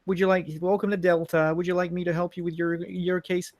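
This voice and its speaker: A man's voice: sits high, flat delivery, a little fast, darkish tone, no echo, pitched above the performer's own voice. A man putting on an over-courteous American male service clerk who keeps calling people sir. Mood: overly polite.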